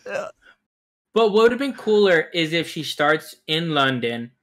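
A man's voice: on the high side, very animated, unhurried, a bit bright. A man co-hosting a casual film review podcast, rambling and hedging with lots of likes. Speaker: podcast co-host.

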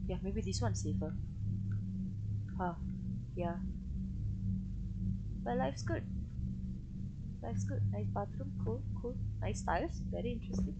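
A woman's voice: medium pitch, animated, measured pace, vocal fry, pauses often, very noisy. A young woman, chatting through her own gameplay as a streamer and talking to her viewers. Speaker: game streamer. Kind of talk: live gameplay commentary.

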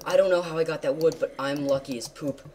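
Woman, gamer, casual play-by-play, excitable, very low pitch, faint background hiss. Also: fast. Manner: excitable, exclaiming, swings from loud yelps to mutters. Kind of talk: casual gameplay commentary.

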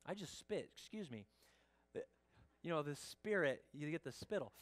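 Pastor preaching in church, measured delivery, voice sinking low at phrase ends, mid-range pitch. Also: animated. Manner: slow and emphatic, drops the voice low at phrase ends; asks the congregation direct questions. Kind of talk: sermon.

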